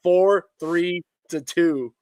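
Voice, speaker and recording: A man's voice: high voice, extremely slow, a little mellow, no room sound. A man in his thirties, co-hosting a live sports stream, telling stories in a rambling way with many restarts. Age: 30s. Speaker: co-host. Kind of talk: casual live-stream banter.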